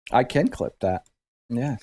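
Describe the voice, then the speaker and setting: A man's voice: mid-range voice, sing-song, takes it slowly, heavy background noise. A man hosting casual commentary, wry and mocking.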